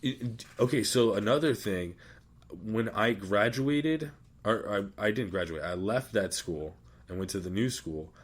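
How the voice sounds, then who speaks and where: A man's voice: on the low side, unhurried. A man hosting a podcast, telling rambling, profane stories in casual chat in a studio. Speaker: podcast host.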